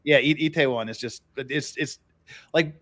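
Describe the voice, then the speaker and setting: A man's voice: mid-range voice, moderate pace, fairly bright tone, dry recording, clean studio sound. A man hosting a podcast, telling rambling anecdotes in a casual, easy-laughing way. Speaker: podcast host.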